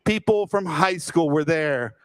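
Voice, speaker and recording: A man from Texas, telling a humorous personal story with self-deprecating, deadpan timing. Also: on the high side, a little slow, smooth. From Fort Worth, Texas.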